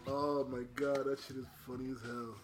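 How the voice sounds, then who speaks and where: A man's voice: medium pitch, level tone, moderate pace, soft background music. A man in casual chat with a friend, laid-back and slangy, laughing often.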